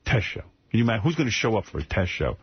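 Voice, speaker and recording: A man's voice: fairly low pitch, very animated, rapid-fire, slightly rough, no echo, dull audio. A man hosting a radio show, talking bluntly and profanely, lecturing his co-host in casual banter.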